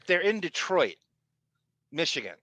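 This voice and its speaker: A man from Long Island chatting on a podcast with a bright, forward tone and a slightly high pitch. He gets animated and trips over his words as he restarts. The sound is dry and close. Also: measured pace, no echo. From Long Island, New York. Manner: animated, excitable, stumbles and restarts. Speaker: podcast co-host. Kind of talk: casual chat.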